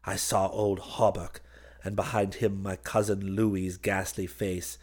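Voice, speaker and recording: A man narrating a first-person horror story in an intense, measured, theatrical reading. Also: low-pitched, fairly even intonation, husky. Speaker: audiobook reader.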